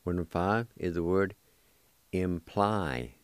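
A man hosting a radio language lesson, spelling and pronouncing Cherokee words slowly and repeating each one for listeners to write down. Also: sits low, animated, no echo. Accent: Oklahoma Cherokee.

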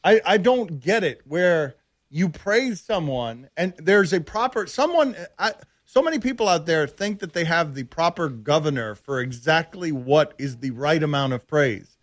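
Man, sports talk radio host, slightly high voice, dry close studio sound, animated tangents. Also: moderate pace, no room sound. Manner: animated, argumentative, rambling tangents.

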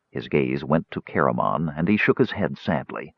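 A man reading a fantasy audiobook with an expressive, varied delivery. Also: very deep voice, normal speed, creaky, few pauses, no echo. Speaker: audiobook narrator. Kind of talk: scripted fantasy narration. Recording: slightly dull audiobook recording.

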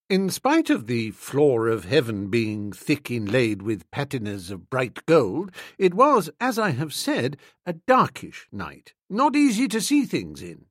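A man narrating a comic novel in the first person, wry, expressive, and playful. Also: fairly high pitch, slightly rough, no room sound, clean studio sound. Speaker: audiobook narrator.

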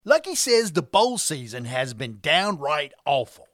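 A woman's voice: sits low, big pitch swings, measured pace, no echo, studio quality. A woman hosting a sports picks podcast, narrating her script with a playful, exaggerated delivery. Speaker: podcast host.

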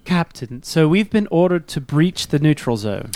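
A man with a slightly high voice takes part in a tabletop role-play, pitching plans and firing off questions. He laughs easily between his lines. The recording is dry and close-miked. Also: sing-song, moderate pace, a little mellow, no room sound. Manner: eager, laughs while asking questions. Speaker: player.

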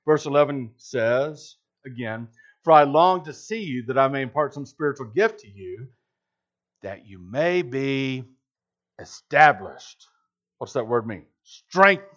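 A man's voice: medium pitch, expressive, unhurried, fairly bright tone. A man preaching a sermon as a pastor, emphatic and full of rhetorical questions. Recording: slightly dull lo-fi recording.

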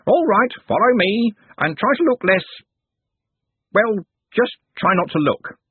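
A man's voice: sits high, animated, unhurried, breathy edge, dry recording, pitched above the performer's own voice, heavily acted. A man voicing a pompous, bossy old male candle keeper who barks orders. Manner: blustering, barking orders. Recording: tinny phone-like dry sound.

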